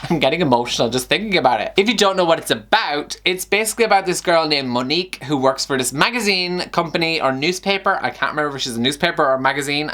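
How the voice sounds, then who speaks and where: A man's voice: on the high side, pushed and bright. A young man chats through a book review vlog in an effusive, gushing way. He talks in a chatty style and often sighs between his thoughts. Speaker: book vlogger.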